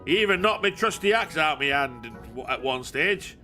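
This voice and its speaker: A man voicing a boastful, gruff male hero who brags in a thick, folksy dialect. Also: fairly high pitch, expressive, normal speed, bright, forceful tone, soft background music, pitched above the performer's own voice. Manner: blustering, dialect-heavy bragging.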